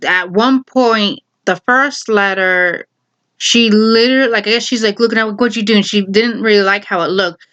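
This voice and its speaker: A woman's voice: mid-range voice, fairly bright tone, lo-fi sound. A woman telling a personal story in casual chat, rambling with lots of fillers and frequent laughs.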